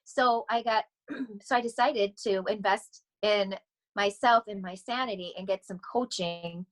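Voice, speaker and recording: Middle-aged woman chatting on a podcast, rambly and lively, laughs a lot. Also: medium pitch, measured pace, poor audio. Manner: rambling, animated, laughs often. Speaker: podcast guest, vocal coach. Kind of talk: casual interview chat.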